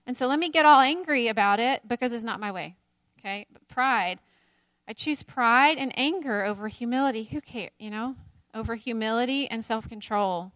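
A woman in her thirties teaches a Bible study in a slightly high voice, candid and self-deprecating, breaking into laughter often. The sound is dry and close, with no room around it. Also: moderate pace, a bit bright, no room sound.

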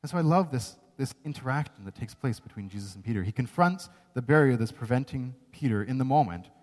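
A man's voice: medium pitch, animated, fast. A man preaching a sermon, earnest and emphatic, often checking in with "right?". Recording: long reverb of a large hall.

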